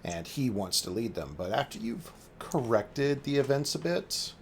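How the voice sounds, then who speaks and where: A man narrating as game master of a tabletop game, measured with a few fillers. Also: mid-range voice, very animated, vocal fry, a little hiss or hum.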